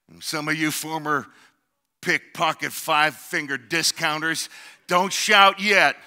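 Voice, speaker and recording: Man, pastor, high bright voice, preaching, shouted emphasis, middle-aged. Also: steady tone, unhurried. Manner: preaching with rising shouted emphasis and call-outs. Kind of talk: sermon.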